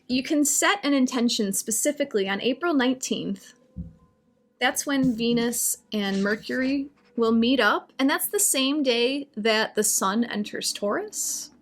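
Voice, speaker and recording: A woman on a live stream talking about astrology and answering viewer comments in a chatty, reassuring way. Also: on the high side. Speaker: astrology and oracle reader.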